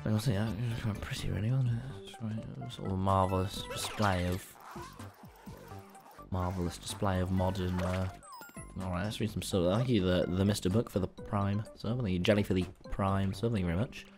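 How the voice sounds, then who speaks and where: A man streaming a video game, excitable and mock-outraged in turns, cursing freely and bantering dryly with his chat. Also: sits low, brisk, over music. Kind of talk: casual gaming livestream.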